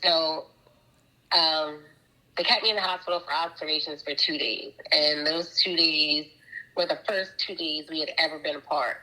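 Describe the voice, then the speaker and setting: Woman, low and bright, telling a rambling personal story on a podcast. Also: fairly even intonation, normal speed, poor audio. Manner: chatty, rambling, many fillers and restarts. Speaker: guest. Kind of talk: casual storytelling interview.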